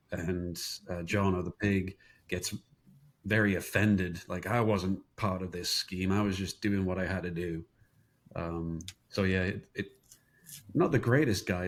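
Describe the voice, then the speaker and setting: A man in a podcast chat, talking hesitantly with many fillers. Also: low-pitched. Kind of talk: casual chat.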